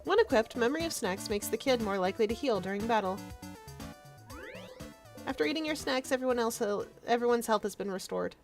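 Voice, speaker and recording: A woman streamer reading game text aloud in a lively, playful way. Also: on the high side, brisk, soft background music. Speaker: gaming streamer.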